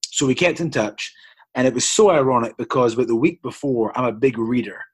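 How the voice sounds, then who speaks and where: A man at a mid pitch, his voice slightly husky, tells his story as an interview guest. He speaks earnestly and at length, often restarting his sentences as he goes. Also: fairly quick, no room sound. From Scotland. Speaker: basketball coach, interview guest. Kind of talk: long personal storytelling in an interview.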